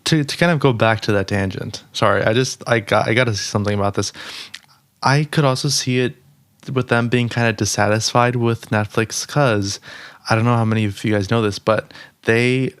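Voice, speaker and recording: A young man co-hosting a podcast in casual chat, upbeat and quick with asides, laughing often. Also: mid-range voice, smooth, dry recording. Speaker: podcast co-host.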